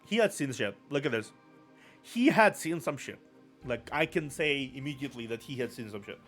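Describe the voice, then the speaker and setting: A man's voice: medium pitch, expressive, normal speed, a bit bright, faint music behind. A man streaming live, giving casual, rambling commentary and often repeating his own phrases.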